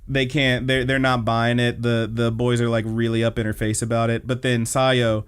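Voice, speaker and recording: A young adult man hosting a casual anime podcast, retelling scenes with lively storytelling. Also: mid-range voice, normal speed, smooth. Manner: animated storytelling, acts out scenes. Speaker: podcast host.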